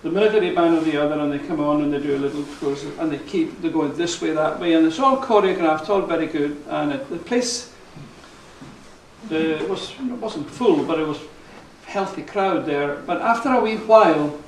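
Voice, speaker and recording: A man's voice: fairly high pitch, normal speed, a little hiss or hum. A man telling a rambling story to a live audience, chuckling and correcting himself as he goes. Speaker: folk musician telling a story on stage. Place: live concert venue. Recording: echoey, from a distant mic.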